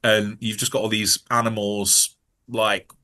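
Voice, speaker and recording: Bright-voiced, halting man. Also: on the low side, little pitch movement. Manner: rambling, halting with many restarts. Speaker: podcast co-host. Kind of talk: casual film chat.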